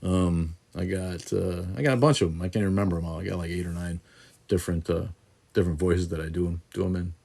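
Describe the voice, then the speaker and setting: A man's voice: low voice, steady tone, fast, creaky, darkish tone, slightly rough. A man hosting a casual livestream Q&A from an indoor room on a phone camera, rambling and joking crudely. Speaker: livestream host answering viewer questions. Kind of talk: casual live chat. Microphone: phone camera in selfie mode.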